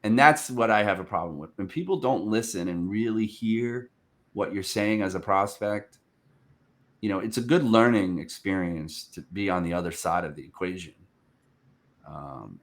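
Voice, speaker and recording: A man hosting a podcast interview, telling stories in an animated way and acting out what people said. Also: deep voice, moderate pace. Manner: animated storyteller, acts out quoted speech. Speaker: podcast host. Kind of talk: casual interview chat.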